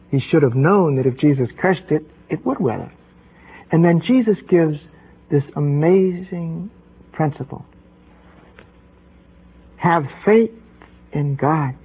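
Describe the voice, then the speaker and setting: A priest giving a sermon, speaking in a measured way with slow, emphatic pauses. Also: male voice, fairly high pitch, lively intonation, husky. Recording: lo-fi radio broadcast.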